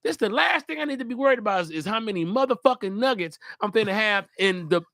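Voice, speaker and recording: A man hosting a live podcast, talking casually with animated, profane energy. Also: high voice, quick pace, no echo, clean studio sound. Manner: animated, profane, jumps into loud put-on voices. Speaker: comedian and podcast host.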